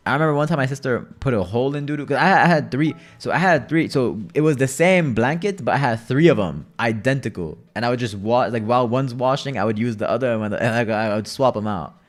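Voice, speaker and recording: A man's voice: mid-range voice, expressive, a little fast, soft background music. A young man streaming a game, chatting and telling rambling stories with plenty of swearing. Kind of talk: casual gaming commentary.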